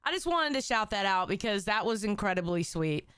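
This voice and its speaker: A woman's voice: medium pitch, sing-song, brisk, a bit bright, clean tone, no echo, clean studio sound. A woman hosting a casual livestream, emotional and teary, joking and swearing as she chats with viewers. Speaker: livestream host.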